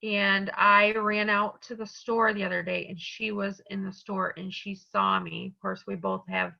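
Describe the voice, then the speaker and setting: A woman's voice: medium pitch, flat delivery, measured pace, creaky, highs cut off. A woman on the staff of a community college, speaking earnestly and from the heart in a webinar panel discussion over a video call.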